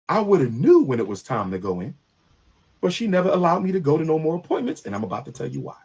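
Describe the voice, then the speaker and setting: Husky male storyteller, lively and indignant, acts out the dialogue with big pitch swings. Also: fast. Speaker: storyteller on a played stream clip. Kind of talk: animated personal storytelling.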